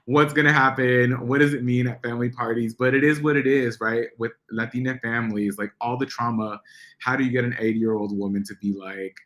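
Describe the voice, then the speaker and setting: A young man from Central America talks to a live audience as a guest speaker. He is animated and candid, and he slips into mimicking his relatives' voices as he tells stories. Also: medium pitch, brisk. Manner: animated storyteller, acts out family voices.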